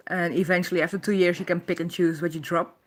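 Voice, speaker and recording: A woman's voice: fairly low pitch, little pitch movement, fast. A woman with a Dutch accent, chatting casually on her live stream, reading comments aloud and laughing often. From Netherlands. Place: her home.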